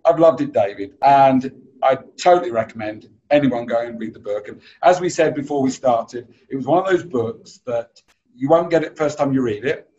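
A man's voice: mid-range voice, normal speed, darkish tone. Chatty male podcast host, dull audio. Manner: chatty, anecdotal, laughs easily. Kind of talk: casual podcast interview.

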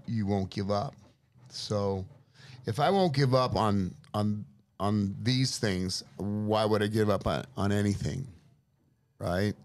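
A middle-aged man from Los Angeles, a guest telling lively, profane stories about his father in casual chat. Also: lowish voice. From Los Angeles, USA. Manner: profane, lively anecdotal storyteller. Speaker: interview guest. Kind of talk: casual storytelling.

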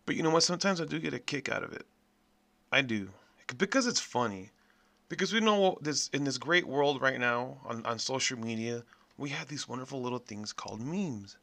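A man hosting a podcast, delivering a profane, blunt, animated rant in a casual monologue. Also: medium pitch, moderate pace, vocal fry. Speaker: podcast host.

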